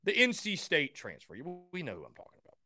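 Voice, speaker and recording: Excitable, rambling sports talk host man. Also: fast. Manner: rambling, high-energy, excitable; stammering restarts. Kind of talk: call-in sports radio chat.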